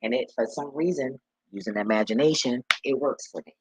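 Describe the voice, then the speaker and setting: A man's voice: medium pitch, brisk, slightly rough, no echo, low-quality recording. A man talking casually in a vlog, rambling and profane as he tells stories and laughs along the way. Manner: loose, profane, laughing storyteller. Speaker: vlogger and delivery driver.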